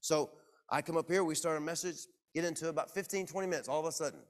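A man preaching to his congregation, telling a personal story in a lively, self-mocking way. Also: fairly high pitch, fast talker. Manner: animated, self-deprecating storyteller. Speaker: pastor. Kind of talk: sermon storytelling. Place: church.

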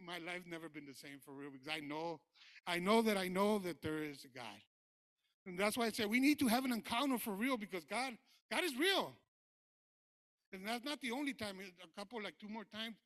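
In church, a man preaches his personal testimony, speaking informally with many fillers. He moves between quiet recollection and loud preaching, and his voice sits high with no echo.

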